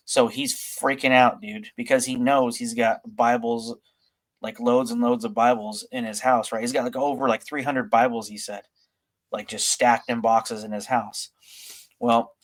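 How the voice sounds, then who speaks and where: A man hosting a podcast, retelling a story in a loose, casual way with many fillers and restarts. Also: mid-range voice. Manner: rambling, filler-heavy retelling. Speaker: podcast host.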